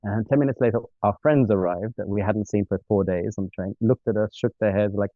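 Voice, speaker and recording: Male interview guest, lowish voice, self-mocking storyteller who acts out dialogue, tinny phone-quality audio. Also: fairly quick, dry recording. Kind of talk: telling a funny travel story. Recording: dry, tinny phone-like sound.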